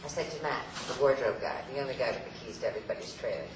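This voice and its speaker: A woman's voice: rumbling low, rapid-fire, heavy background noise. A woman telling theatrical, playful anecdotes to a convention audience, laughing often, from a stage in a large hall. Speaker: convention guest speaker. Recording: echoey hall, voice far from mic, loud ambience.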